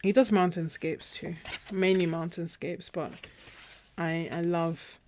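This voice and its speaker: A woman with a slightly low-pitched voice hosts a painting livestream from her home studio. She chats casually with her viewers, wanders from thought to thought, and often trails off while she hunts for a name. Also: little pitch movement, takes it slowly, a little mellow, a little hiss or hum. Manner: chatty and meandering, often trailing off and searching for names. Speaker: artist hosting a painting livestream.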